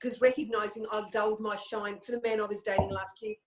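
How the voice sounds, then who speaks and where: A woman's voice: mid-range voice, flat delivery, quick pace. A woman on a video call as a client in a live reading. She talks candidly and reflectively, sometimes stumbling over her words. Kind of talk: live online session, casual chat.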